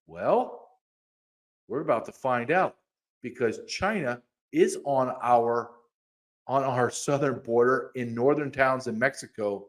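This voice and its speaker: A man co-hosting a podcast in casual chat, animated and quick to get excited, sometimes reading quotes aloud. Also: mid-range voice. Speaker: podcast co-host.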